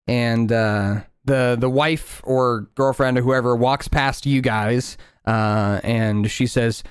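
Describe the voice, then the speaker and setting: A man's voice: medium pitch, steady tone, takes it slowly, few pauses, clear, resonant tone, no room sound, studio quality. A man running a tabletop game as game master, narrating loosely with lots of fillers and restarts.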